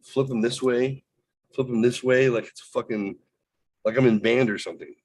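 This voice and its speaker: A man hosting a podcast, telling a rambling, profane, animated story in casual chat. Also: mid-range voice, moderate pace, low-quality recording. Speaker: podcast host.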